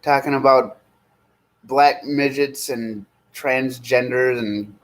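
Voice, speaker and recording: Man, 30s, relaxed streamer host, loose chatty delivery, medium voice. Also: medium pitch, low-quality recording. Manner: rambling, easygoing, slow when reading names aloud. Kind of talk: casual live-stream chat.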